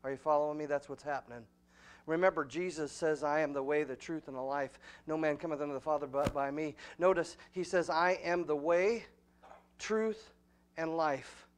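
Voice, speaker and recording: A man with a high voice preaches a sermon, his delivery swinging from hushed asides to loud, emphatic peaks. He keeps checking in with the congregation through repeated questions and calls of "amen.". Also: fairly even intonation, fairly quick, a little hiss or hum. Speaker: pastor.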